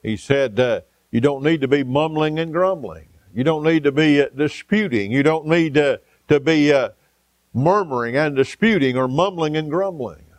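A man preaching a folksy sermon, pausing often with "uh" and telling homespun stories. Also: fairly high pitch, no echo. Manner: folksy, storytelling, frequent "uh" pauses. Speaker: pastor.

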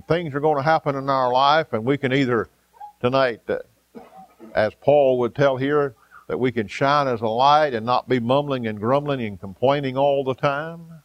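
A man preaching a folksy sermon, pausing often with "uh" and telling homespun stories. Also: medium pitch, no echo, lo-fi sound. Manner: folksy, storytelling, frequent "uh" pauses. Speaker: pastor.

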